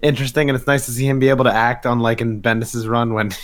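A man co-hosting a casual comics podcast talks quickly and agreeably. He stumbles over repeated restarts as he rushes into his point. His pitch stays middling and his tone stays conversational. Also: steady tone. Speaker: podcast co-host. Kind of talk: casual comic book review chat.

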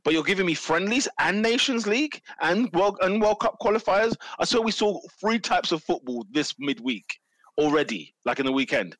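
A man in casual podcast chat, emphatic and jokey, ranting with animated opinions. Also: high-pitched, normal speed, no room sound, low-quality recording. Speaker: podcast pundit.

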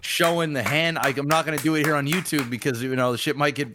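A man's voice: fairly high pitch, steady tone, fast, background noise. A man hosting a podcast, reading an ad and chatting in a loose, crude, rambling way. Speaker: podcast host. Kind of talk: casual chat and sponsor read.

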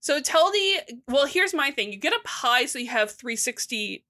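A woman co-hosting a casual chat, recapping a horror story with animated, wry asides and some swearing. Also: high-pitched, moderate pace.

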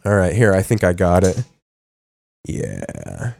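A man's voice: deep voice, wildly swooping pitch, slow pace, gravelly, a little mellow, no echo, faint music behind. A man hosting a podcast while sick with covid, chatting casually in a rambling, crude, joking way. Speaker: podcast host. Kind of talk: casual profane chat.

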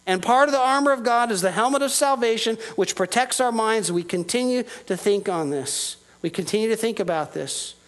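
Earnest high-voiced preacher. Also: male voice, brisk, few pauses, poor audio. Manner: earnest preaching, rising and falling with emphasis. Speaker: pastor. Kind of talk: sermon.

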